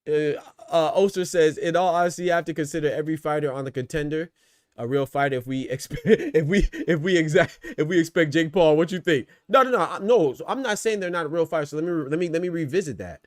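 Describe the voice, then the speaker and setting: A man's voice: a little high, animated, quick pace, dry recording, studio quality. Argumentative man hosting a boxing livestream. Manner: argumentative, repeats phrases to drive a point. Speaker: boxing talk show host. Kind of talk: casual livestream commentary, reading chat.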